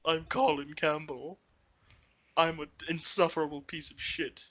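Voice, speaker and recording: A man puts on a snooty, self-satisfied male game journalist who sneers at everything. The voice sits a bit high and bright. It is slow and drawn out, with a smug podcast-mockery tone. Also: flat delivery. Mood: sneering. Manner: mocking, sneering.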